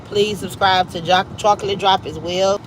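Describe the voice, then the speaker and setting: Broadcasting from her home, this Cleveland livestream host (Ohio, US Midwest) keeps things chatty and upbeat while encouraging viewers to subscribe to friends' channels. She speaks at a normal speed in a steady, mid-range voice, with background noise audible.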